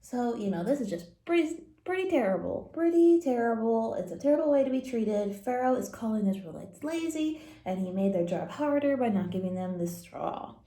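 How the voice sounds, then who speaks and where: A woman walks through a Bible story in a loose, chatty way, tossing in playful asides. Her voice sits a little high yet sounds mellow and soft-edged. The sound rings around an echoey church room. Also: lively intonation, normal speed, hardly any pauses. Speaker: church leader reading scripture. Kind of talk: casual Bible story lesson. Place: church building.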